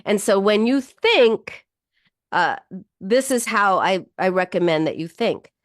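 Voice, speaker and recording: A woman's voice: medium pitch, a little slow, no room sound. Chatty woman radio host, dry studio sound. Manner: animated, chatty, with frequent fillers and restarts. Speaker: radio show host and psychologist. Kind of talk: advice talk radio, answering listener questions.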